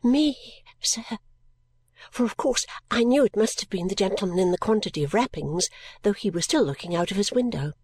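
A woman narrating a story in the first person, reading in a gentle, measured way. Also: medium pitch, lively intonation, breathy edge, no room sound. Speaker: audiobook reader.

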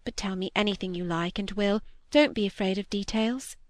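A woman voicing a gentle, anxious older lady who is ill, speaking softly and unhurriedly in a storybook reading. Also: medium pitch, moderate pace, no room sound, clean studio sound, lightly acted. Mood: tender.

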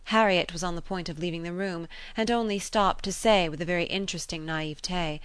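A woman's voice: fairly low pitch, steady tone, fairly quick, clear, resonant tone, no room sound. Woman reading a novel, dry sound. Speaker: audiobook reader. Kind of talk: scripted narration of a classic novel. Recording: dry close recording.

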